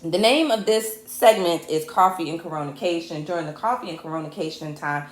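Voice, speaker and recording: A fired-up woman hosts a livestreamed talk show monologue from her home set, speaking at a fairly low pitch and moderate pace in an echoey room. She is both host and technical producer, impassioned and mixing jokes with anger, chatting to viewers as "y'all." Her camera mic captures it all.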